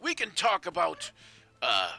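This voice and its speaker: A man's voice: on the high side, huge pitch swings, measured pace, vocal fry, pushed and bright, faint music behind, voice pushed up, heavily acted. A man voicing a jovial, brawling male dwarf in a tabletop game, hearty and boisterous.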